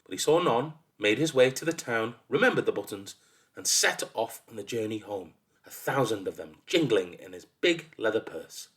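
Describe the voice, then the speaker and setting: A man reading a folk tale aloud in an expressive, lively way. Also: lowish voice, moderate pace. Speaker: storyteller. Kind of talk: storybook reading.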